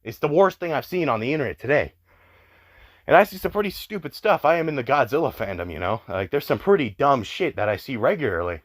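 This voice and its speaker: This exasperated young commentary YouTuber speaks fast and expressively in a mid-range voice. His rant is full of swearing and filler "like"s.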